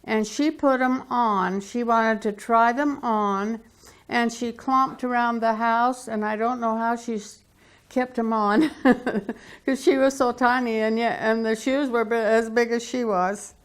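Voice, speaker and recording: Casting: woman, higher smooth voice, slow gentle reminiscing. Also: fairly even intonation. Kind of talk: oral history reminiscence.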